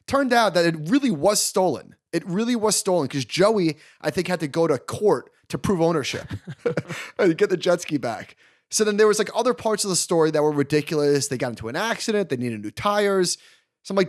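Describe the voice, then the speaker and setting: A man in his thirties co-hosting a podcast, telling a long story in an animated, casual way and laughing along. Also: a little high, brisk. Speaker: podcast co-host. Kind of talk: casual chat.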